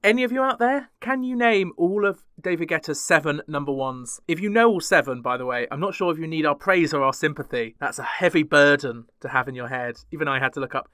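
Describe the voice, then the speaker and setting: Bright, wry British podcast host. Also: male voice, fairly high pitch, a little fast, few pauses, clean tone, no echo, clean studio sound. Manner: chatty, wry asides. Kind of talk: chart rundown podcast.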